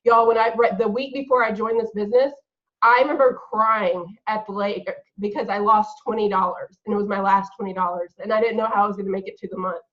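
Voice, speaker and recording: A woman's voice: medium pitch, fairly even intonation, fast, lo-fi sound. A woman giving an earnest, emphatic motivational talk to her sales team on a call. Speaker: guest speaker on a team call.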